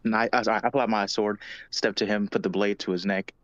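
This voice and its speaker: A man playing a tabletop game, describing his character's actions and correcting himself quickly. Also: on the low side, level tone, a bit bright, lo-fi sound. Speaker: player.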